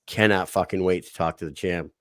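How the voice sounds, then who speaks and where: A man co-hosting a fight podcast in loose banter. His voice sits low and he swears and jokes freely. The sound is dry and close. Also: brisk, no room sound. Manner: profane, joking, excitable. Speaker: podcast co-host. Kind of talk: casual chat.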